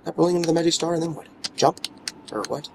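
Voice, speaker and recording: A let's play gamer comments casually on his gameplay from a home room near his dogs, baby-talking playfully to his character and shifting between muttering and exclaiming. His voice is a little high with vocal fry, he talks fast, and the background is noisy.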